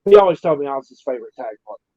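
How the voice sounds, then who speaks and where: A man's voice: medium pitch, lively intonation, racing, darkish tone, dry recording. A man, a former pro wrestler, casually telling road stories, swearing and acting out what people said. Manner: profane, acts out quoted dialogue. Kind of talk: casual storytelling. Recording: dry, muffled lo-fi audio.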